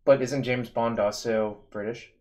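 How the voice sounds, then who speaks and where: A man's voice: medium pitch, fairly even intonation, measured pace, darkish tone. Man thinking aloud during a game. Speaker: streamer host. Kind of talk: casual gaming commentary.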